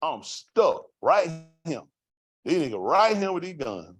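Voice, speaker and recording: Speaking unhurriedly with big swings in pitch, this man has a higher-leaning voice and no room sound. His testimony to the congregation is raw and vernacular, about street life, and he keeps asking the listeners rhetorical questions as his story unfolds.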